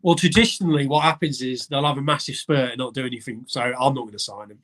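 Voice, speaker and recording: A man's voice: medium pitch, fast, a bit bright. A man from England co-hosting a casual fantasy football live stream, chatting and answering viewer comments. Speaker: fantasy football livestream co-host.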